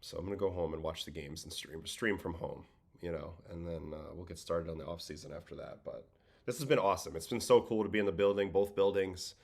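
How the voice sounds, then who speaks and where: Tired low-voiced man chatting casually. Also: a little fast, gravelly. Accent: faint New York-Boston. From Brooklyn, New York. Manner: relaxed, conversational, reads chat questions aloud. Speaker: livestream host, former pitcher. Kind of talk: casual livestream chat answering viewers.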